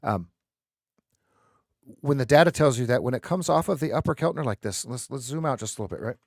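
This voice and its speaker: A man hosting a live trading stream, explaining charts in an animated, joking way and often repeating his words. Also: mid-range voice, brisk, creaky, slightly rough, no room sound, studio quality.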